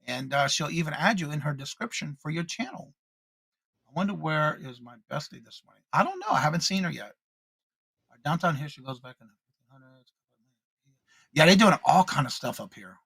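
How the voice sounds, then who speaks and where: Co-hosting a morning live stream, a man chats casually and upbeat, reading viewer comments aloud and greeting each viewer by name the same way. His bright, slightly high voice is husky with vocal fry, very animated and brisk, with long pauses. It's recorded dry and close with no room sound.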